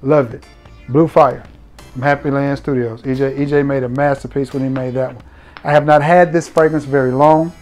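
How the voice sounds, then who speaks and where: A man's voice: mid-range voice, steady tone, moderate pace, a little mellow, faint music behind. A man, chatting playfully and directly to viewers while reviewing his fragrances. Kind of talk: casual review vlog.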